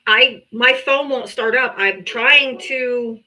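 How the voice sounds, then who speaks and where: A woman's voice: on the high side, slow pace, pushed and bright. A woman in her forties hosting a casual livestream from her phone, exasperated, laughing and swearing over technical trouble. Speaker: livestream host.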